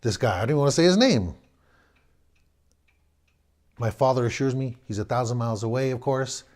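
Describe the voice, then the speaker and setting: A man's voice: mid-range voice, animated, a little fast, a little mellow. A man in his forties from the Los Angeles area, telling a personal story in a wry, rambling way, repeating and restarting his words.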